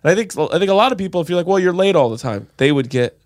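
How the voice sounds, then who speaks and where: A man's voice: sits high, lively intonation, rapid-fire, no room sound, studio quality. A man co-hosting a comedic advice podcast, talking bluntly and jokingly with some swearing. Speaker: podcast co-host.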